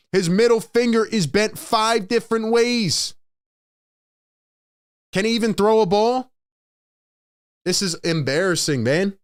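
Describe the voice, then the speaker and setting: A man's voice: high-pitched, smooth. A young man hosting a live postgame show, ranting in an exasperated, emphatic way and repeating lines for effect. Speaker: sports show host.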